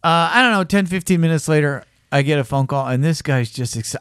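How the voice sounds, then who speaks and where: Man telling a story, animated. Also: fairly high pitch, racing, hardly any pauses, smooth, dry recording, clean studio sound. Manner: animated, acts out voices in his story. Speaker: podcast host telling a story. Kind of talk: casual storytelling chat.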